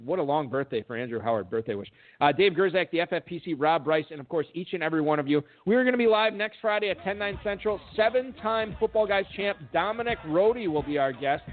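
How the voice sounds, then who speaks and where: A man's voice: sits high, animated, quick pace, hardly any pauses. A man hosting a podcast, wrapping up with upbeat thank-yous and promotions. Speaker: podcast host. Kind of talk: show sign-off. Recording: tinny phone-line audio.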